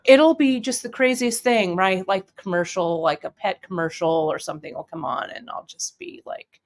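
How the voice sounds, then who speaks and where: A woman's voice: on the low side, moderate pace. Chatty, teary woman stream host. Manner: chatty and emotional, tearing up, many fillers. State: teary, sniffling. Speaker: host of a bead shop live stream. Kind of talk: casual live-stream chat reading viewer comments.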